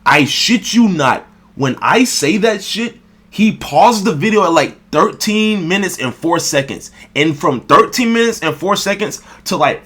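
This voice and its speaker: A man's voice: high-pitched, a bit bright. Irritated, swearing young man ranting. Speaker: gaming video creator. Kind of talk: ranting response commentary.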